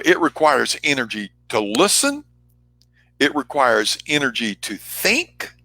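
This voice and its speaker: An earnest man delivers a motivational talk, pressing his points with emphasis and changing pace. His voice is bright and forward, recorded dry and close. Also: medium pitch, dry recording. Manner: earnest, emphatic, varies loudness and pace for effect. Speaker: speaker and trainer.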